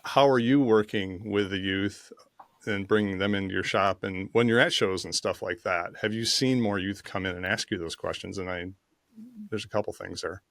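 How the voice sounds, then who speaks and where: A man's voice: sits low, steady tone, moderate pace, fairly bright tone, dry recording. Easygoing male podcast host, dry sound. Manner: easygoing, filler-laden questions. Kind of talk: casual interview chat.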